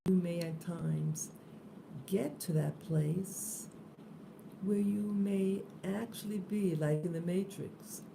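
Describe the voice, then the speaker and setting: Slow, gravelly-voiced sleepy woman. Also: on the low side, background noise. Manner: slow, drowsy, soft-spoken. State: just woken up. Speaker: live stream host. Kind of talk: early morning spiritual talk. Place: room with open window. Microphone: phone held close.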